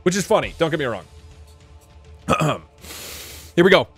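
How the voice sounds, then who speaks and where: A man's voice: a little high, very animated, a little slow, fairly bright tone, husky, faint music behind. A man live-streaming, chatting casually with his viewers in a sarcastic, exasperated way. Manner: sarcastic, exasperated banter with chat.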